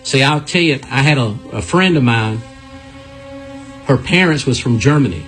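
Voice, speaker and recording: A man's voice: medium pitch, animated, normal speed, a bit bright, soft background music. A man giving a folksy, repetitive Bible lesson on a radio program.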